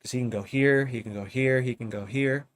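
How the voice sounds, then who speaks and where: A man's voice: medium pitch, brisk. A man casually teaching drum programming in his home studio, thinking aloud and often checking in with "you know what I mean?". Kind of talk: casual live tutorial.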